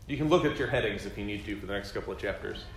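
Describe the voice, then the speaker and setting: A man's voice: lowish voice, expressive, rapid-fire, slight background noise. Man teaching a Bible class in an echoey room. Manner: conversational, quizzes the class, self-deprecating jokes. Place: classroom with a group.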